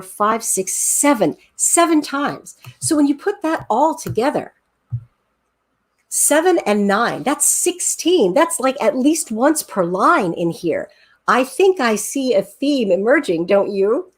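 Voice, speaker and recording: A woman's voice: on the high side, expressive, slow pace, husky. A woman teacher giving an enthusiastic, encouraging online class over a video call, counting aloud and tapping out rhythms. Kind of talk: online class lesson, screen-sharing.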